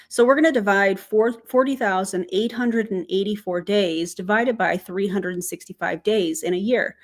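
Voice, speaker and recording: A woman hosting a reaction commentary video, chatting to viewers and working through calculations step by step. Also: mid-range voice. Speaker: YouTube commentator.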